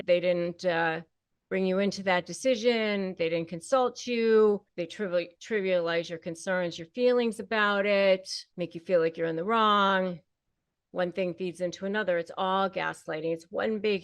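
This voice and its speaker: Woman self-help host, mid-pitched, punchy and repetitive delivery, dry room with no echo. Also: a bit bright. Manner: emphatic, repetitive, rallying the viewer. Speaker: host and self-help coach on narcissistic abuse. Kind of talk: direct-to-camera advice talk.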